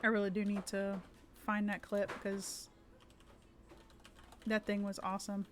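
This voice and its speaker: A chatty woman talking casually on a live stream about tabletop game rules. She rambles, restarting her sentences and filling pauses with ums. Her pitch sits at an ordinary middle height. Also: completely flat delivery, slight background noise. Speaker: streamer and dungeon master.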